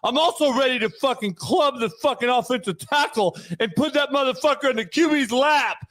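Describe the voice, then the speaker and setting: A man voicing a pushy, mannish female public defender in a loud comic bit on a talk show. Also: very high-pitched, a little fast. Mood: pumped up. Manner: loud, shouting, cartoonishly gung-ho.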